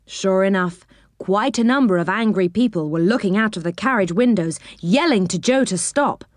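A woman reading a children's storybook aloud with expressive, animated narration. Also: medium pitch, normal speed, no room sound, clean studio sound.

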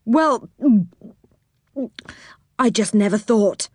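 A woman's voice: mid-range voice, animated, very slow, no echo, clean studio sound, pitched above the performer's own voice. A woman voicing a greedy, sulky boy in a children's story, in a raised, whiny voice. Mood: sheepish.

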